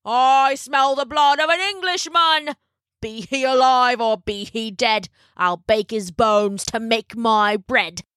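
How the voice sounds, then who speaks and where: A woman voicing a huge, foul-smelling male giant who roars out slow, chanted threats in a storybook reading. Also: fairly high pitch, a bit bright, clear, resonant tone, dry recording, clean studio sound, voice pushed up. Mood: roaring.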